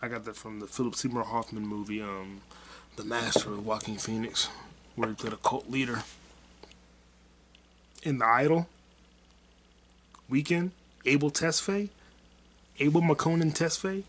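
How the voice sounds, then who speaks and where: A man's voice: mid-range voice, measured pace, long pauses, a bit bright, slight background noise. A man hosting his own podcast, rambling through a casual solo monologue in a crude, heated way and mocking people with repeated put-downs. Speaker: podcast host.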